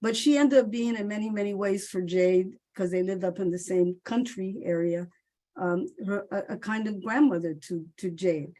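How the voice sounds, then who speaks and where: Give me an older woman reminiscing on a video call, lively and prone to laughing bursts. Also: mid-range voice, normal speed. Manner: lively storytelling, laughs often, rises to loud bursts. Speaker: honored guest playwright.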